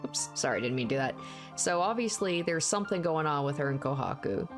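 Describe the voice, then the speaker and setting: A woman's voice: low voice, fairly quick, music in the background. A woman reading a visual novel aloud, narrating steadily and breaking into candid asides. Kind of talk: game read-aloud with commentary.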